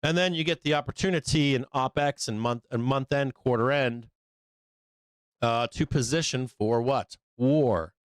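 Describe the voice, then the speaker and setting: A man's voice: mid-range voice, unhurried, clean tone, no room sound. A man hosting a live stock market show, talking in a blunt, profane, rambling way. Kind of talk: casual market commentary.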